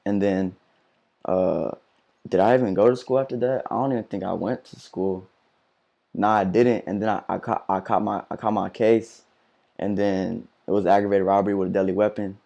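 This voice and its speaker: A teenage rapper, a guest on a casual interview, tells a story in a low, creaky, dark-toned voice. His talk is slangy and profane, packed with fillers and restarts.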